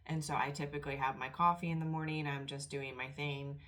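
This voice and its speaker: A middle-aged woman giving a casual tarot reading, emotional and close to tears, talking in a soft, rambling way. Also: sits low, steady tone, fairly quick. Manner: emotional, tearful and soft-spoken. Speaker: tarot reader.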